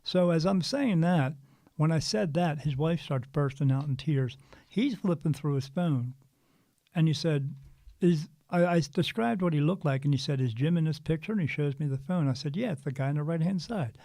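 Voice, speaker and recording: Man in his fifties, gravelly and mellow, earnest storyteller with restarts; dry sound. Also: fairly high pitch, normal speed, no echo. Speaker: spiritual medium guest. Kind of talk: casual storytelling interview.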